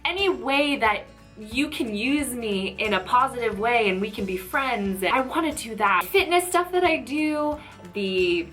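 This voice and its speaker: Bright-voiced chatty woman in her thirties. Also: fairly high pitch, lively intonation, moderate pace, soft background music. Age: 30s. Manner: chatty, rambling and emotional, often saying "you know". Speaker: YouTuber. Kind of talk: casual chat to camera. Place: tenth-floor office.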